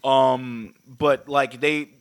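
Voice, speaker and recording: A man co-hosting a podcast, recapping a film in casual, profane talk and acting out the scenes in quick voices. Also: mid-range voice, fairly even intonation, clean tone. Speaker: podcast co-host. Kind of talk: casual movie recap chat.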